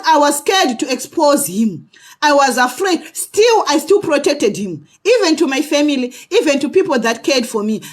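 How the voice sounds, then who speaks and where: A woman with a high-pitched voice speaks earnestly to camera. She shares her own story as a vlogger and keeps checking in with her viewers. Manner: earnest, often adds "okay?" to check in with viewers. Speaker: vlogger sharing personal experience. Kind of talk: personal testimony to camera.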